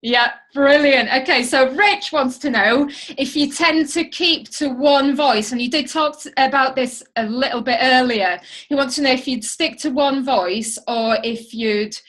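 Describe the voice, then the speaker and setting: A woman's voice: high voice, a little slow, hardly any pauses, fairly bright tone. A woman hosting a podcast interview, putting listener questions to a guest in an upbeat, encouraging way. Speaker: podcast host.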